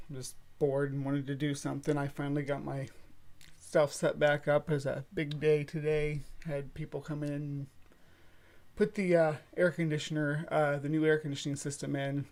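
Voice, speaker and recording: A man hosting a casual late-night livestream from a room at home, talking in a halting, rambling way full of filler sounds. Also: on the high side, gravelly, darkish tone. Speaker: streamer hosting a late-night bug stream. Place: home room set up for streaming.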